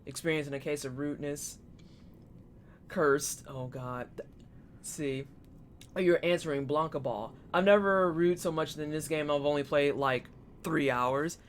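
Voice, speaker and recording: A man's voice: on the high side, fairly even intonation, a little slow. A man streaming a game, chatting casually with his chat and reacting aloud as he plays. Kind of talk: casual gameplay commentary. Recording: clear background noise.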